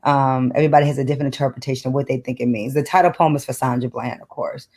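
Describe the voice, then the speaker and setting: A woman's voice: a bass voice, steady tone, rapid-fire, a little mellow. A middle-aged woman from Detroit, a poet reading her work aloud with a rhythmic, emphatic spoken-word delivery and then chatting as a book club guest over a video call. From Detroit, United States.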